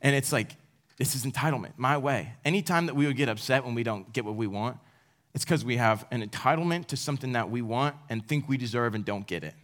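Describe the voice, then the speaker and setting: A man's voice: mid-range voice, fast, a bit bright. Young man giving a casual sermon. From United States. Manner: casual, self-deprecating, with laughs. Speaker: campus speaker. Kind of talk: sermon to college students.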